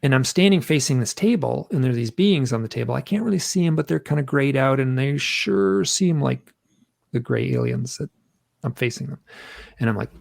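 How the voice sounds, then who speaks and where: A man with a middle-pitched voice and a gravelly edge. He tells his story as an interview guest, animated, acting out the voices of the people in it. He sounds dry and close. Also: brisk, no room sound. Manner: animated, acts out his own shouting and quotes.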